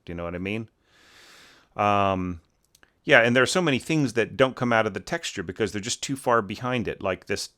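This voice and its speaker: A man's voice: fairly low pitch, a little fast, a bit bright. A man giving a casual, rambling critique of an orchestral score, full of fillers and sung snippets of the phrases. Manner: rambling, many fillers, sings phrases as bum bum. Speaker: orchestration teacher reviewing scores.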